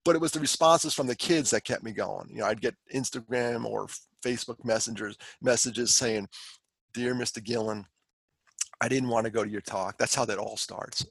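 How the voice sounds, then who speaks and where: A man telling a personal story in casual conversation, animated, acting out what others said, with frequent laughs. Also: medium pitch, normal speed, vocal fry, breathy edge, dry recording. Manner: animated storyteller who acts out quoted lines and laughs often. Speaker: guest speaker on suicide prevention. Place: on the East Coast of the United States.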